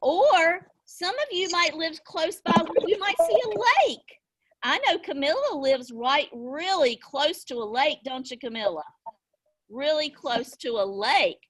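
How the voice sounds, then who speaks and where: Slow, high-voiced woman teaching small children. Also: expressive, a bit bright. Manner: slow, sing-song and encouraging, with gasps of delight. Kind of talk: online class lesson for young children. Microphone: video call.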